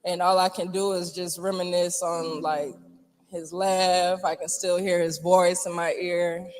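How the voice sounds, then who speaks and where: Slow, high-voiced man giving a eulogy. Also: flat delivery. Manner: reminiscing, halting, with sighs and soft laughs. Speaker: family friend giving a eulogy. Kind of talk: heartfelt memorial speech.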